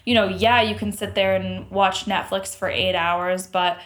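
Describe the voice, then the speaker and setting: A woman's voice: medium pitch, steady tone, a little slow, fairly bright tone. A young adult woman co-hosting a podcast, talking frankly in casual chat and telling stories with a swear or two. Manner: frank, chatty storyteller who swears. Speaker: podcast co-host.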